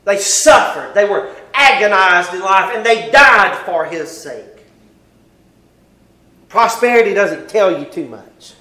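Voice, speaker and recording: A male preacher giving a sermon. He recites King James scripture and moves between hushed, quiet passages and loud, pleading ones. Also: high-pitched, animated, takes it slowly, roomy sound, low-quality recording. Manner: swings from hushed near-whispers to loud impassioned pleading.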